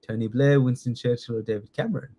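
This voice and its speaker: A man's voice: mid-range voice, fast, mellow, breathy edge. A man teaching a live online citizenship test class, quizzing students and checking in often with "yeah?". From United Kingdom. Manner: encouraging, chatty, frequent "yeah?" check-ins.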